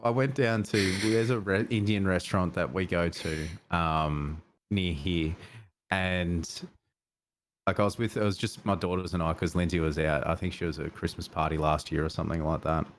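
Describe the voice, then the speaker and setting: A man's voice: low-pitched, steady tone, moderate pace, slight background noise. A middle-aged Australian man, a podcast co-host, telling rambling stories in casual chat and swearing freely.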